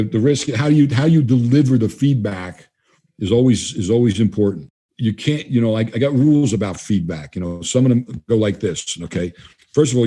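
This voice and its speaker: List man, husky, mellow tone, rapid delivery, blunt and emphatic, interview guest. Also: on the low side. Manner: blunt, emphatic, acts out dialogue. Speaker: guest trainer. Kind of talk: casual interview talk.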